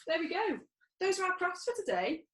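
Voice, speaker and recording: A woman leading an online children's church session, talking gently and playfully to small children while doing crafts and telling a story. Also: very high voice, big pitch swings, a little fast, rough recording. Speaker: children's church group leader.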